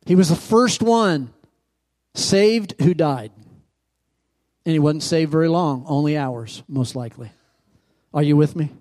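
Somewhat slow and pausing at length, this pastor has a high-leaning male voice with a darkish tone. He retells scripture in his sermon, calling questions to the congregation as his emphasis rises.

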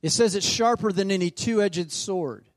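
A man's voice: high voice, a little slow, no echo, studio quality. A man preaching a sermon as pastor, emphatic, repeating phrases for rhythm. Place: church.

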